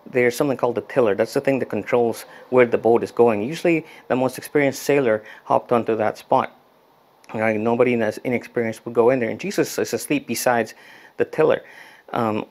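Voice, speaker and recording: A man's voice: medium pitch, steady tone, fairly quick, a little mellow. Man preaching a casual youth sermon. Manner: conversational storytelling, frequent restarts. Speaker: youth pastor.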